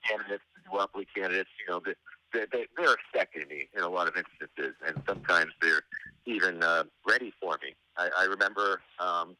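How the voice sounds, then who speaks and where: A middle-aged man, a guest on an interview show, telling anecdotes in a meandering, halting way with dry, wry humor. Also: deep voice, pushed and bright, rough recording. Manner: meandering, halting delivery with frequent hesitations. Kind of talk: casual anecdotal storytelling.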